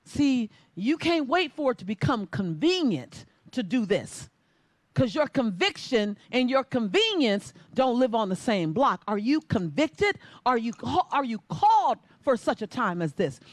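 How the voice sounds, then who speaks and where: A woman delivering a rousing motivational talk with a high, swooping voice. She preaches and storytells, pulling the crowd into chanted call-and-response, heard dry and up close. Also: sing-song, measured pace, dry recording. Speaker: motivational speaker. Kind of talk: inspirational stage talk with storytelling.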